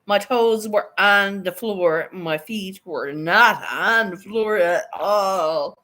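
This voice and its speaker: A woman's voice: mid-range voice, takes it slowly. A woman chatting to her livestream viewers, telling a funny story, often laughing and swearing as she goes. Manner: giggly, swears a lot, animated storytelling. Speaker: livestreaming vlogger. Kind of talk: casual storytelling chat.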